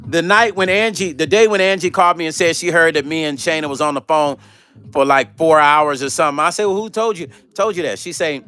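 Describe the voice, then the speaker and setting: Bright-voiced man telling stories on a live stream. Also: on the high side, fairly quick, clean tone. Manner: animated, swearing, acts out quoted voices, talks to chat. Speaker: vlog host reading live chat. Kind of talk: casual live-stream storytelling.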